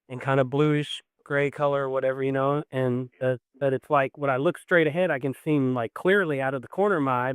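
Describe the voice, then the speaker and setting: A man's voice: mid-range voice, smooth, dry recording, studio quality. Man on a call-in show, rambling storyteller. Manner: rambling, full of "like" and "you know". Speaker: caller.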